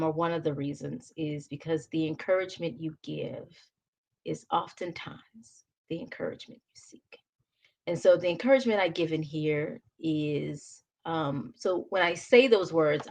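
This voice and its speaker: A middle-aged woman talking through her phone on a live stream, chatty and rambling. Her voice sits a little low and lifts with bursts of laughter as she greets the viewers. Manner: chatty, rambling, frequent restarts. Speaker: author hosting a live stream. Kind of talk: casual live-stream chat.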